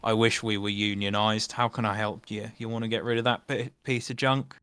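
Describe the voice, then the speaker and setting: A man puts on an apathetic merfolk clerk at a scrapyard, a low, bright and smooth voice. He sounds flat and dismissive. The sound is dry and close. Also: fairly quick, no room sound, lightly acted.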